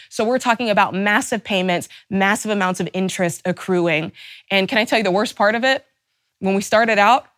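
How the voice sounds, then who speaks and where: A woman's voice: mid-range voice, dry recording, clean studio sound. A woman host giving a fervent, emphatic motivational talk, stacking rhetorical questions and openly angry on her listeners' behalf. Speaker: personal finance show host.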